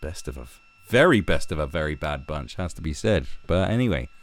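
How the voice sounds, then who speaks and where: A man's voice: a bass voice, animated, a little fast, vocal fry. A man hosting a commentary vlog, ranting in a sarcastic, profane, mocking way. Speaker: channel host.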